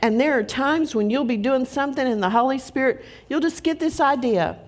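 Middle-aged female preacher, earnest storytelling sermon voice, slightly high. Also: lively intonation, brisk.

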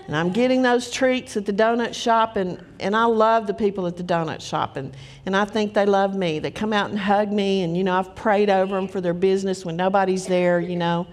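A middle-aged woman preaching a sermon, telling stories in an earnest, emphatic way. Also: medium pitch.

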